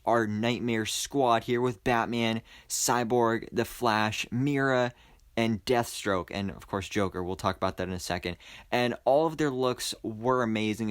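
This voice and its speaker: A young man giving a casual, enthusiastic movie review, rambling with lots of fillers and restarts. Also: medium pitch. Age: young adult. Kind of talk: casual spoiler review monologue.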